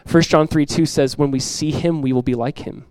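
A man's voice: a little high, moderate pace, smooth, no echo, low-quality recording. Earnest middle-aged male pastor preaching. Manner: earnest, direct, repeats key lines to the congregation; acts out everyday voices with lively emphasis. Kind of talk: sermon. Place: church sanctuary.

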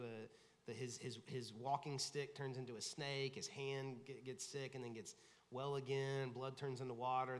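A lead pastor with a medium-pitched, slightly bright voice preaches in a conversational way inside a church sanctuary. He acts out the voices of the people he quotes, and the sound carries the feel of a large hall.

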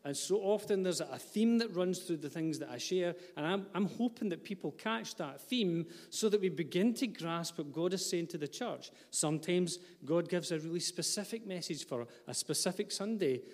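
A man delivers a sermon with a voice pitched a little above most men's. He preaches earnestly, slipping in light asides to the congregation. His words ring out with a long hall echo. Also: animated, normal speed, hardly any pauses. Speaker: pastor. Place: church hall.

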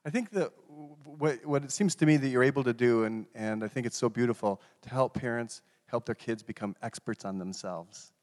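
A man's voice: mid-range voice, brisk, few pauses, a little mellow, in a large hall. A man interviewing a guest, a therapist by trade, reflecting her words back and affirming them. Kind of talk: conversational interview.

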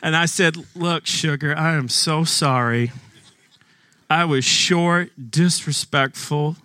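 A male pastor delivers a sermon close to a dry microphone, with no room echo. He tells stories casually and with humor, slowing his pace to stress key lines, and his tone stays bright and forceful. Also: on the high side, smooth. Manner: conversational, storytelling with humor, slows for emphasis.

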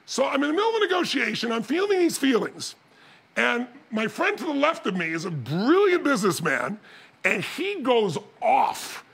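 A man giving a motivational seminar talk, telling stories with animated energy and bursts of shouting. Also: extremely high pitch, moderate pace, gravelly, slightly rough. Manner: animated storytelling, shouting and mimicking others. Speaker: motivational speaker.

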